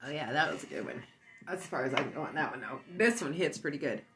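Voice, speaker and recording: A woman's voice: low-pitched, lively intonation, fast, a bit bright, a little hiss or hum. A stoned woman hosting a casual livestream, rambling, boastful and giggly. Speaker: livestream host.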